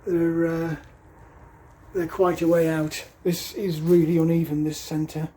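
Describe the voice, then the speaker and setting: Slow, breathless DIY vlogger. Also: medium pitch, flat delivery, warm tone, breathy edge. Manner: chatty, halting, with frequent "uh" and little laughs. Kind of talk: casual narration while working. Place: outdoors at a woodland cabin.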